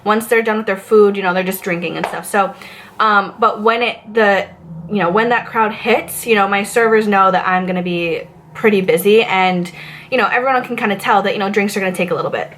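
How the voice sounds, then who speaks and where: A woman from Massachusetts, telling a storytime rant about her bartending days in a chatty, animated way full of fillers. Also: medium pitch, a little fast, a little hiss or hum. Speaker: vlogger, former bartender.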